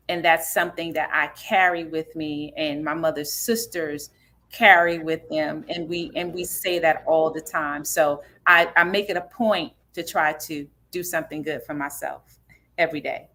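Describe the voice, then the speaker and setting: A woman's voice: on the low side, normal speed, bright, forceful tone. A woman author and stage director answering interview questions earnestly and reflectively, with frequent fillers.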